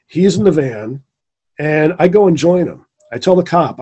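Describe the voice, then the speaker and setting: Soft husky man telling a story. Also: fairly high pitch, animated, moderate pace, lo-fi sound. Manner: earnest, rambling, repeats phrases for emphasis. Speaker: guest, former teacher. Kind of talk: casual storytelling in conversation.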